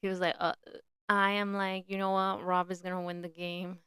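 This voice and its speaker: A woman's voice: mid-range voice, flat delivery, brisk, a bit bright, clear, resonant tone, no room sound. A woman hosting a podcast, chatting casually and speculating, with frequent "like" fillers. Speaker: podcast host. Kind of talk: casual solo commentary.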